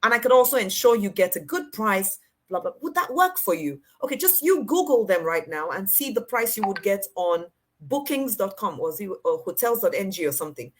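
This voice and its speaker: A woman imitating an older male mentor who talks slowly in formal, old-fashioned phrases. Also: mid-range voice, big pitch swings. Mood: helpful.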